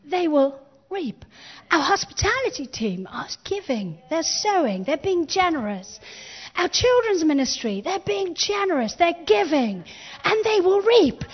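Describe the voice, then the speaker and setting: A woman's voice: sits high, big pitch swings, a little slow, lo-fi sound. A woman pastor preaching a sermon, building emphasis with repeated phrases and calling on the congregation to respond.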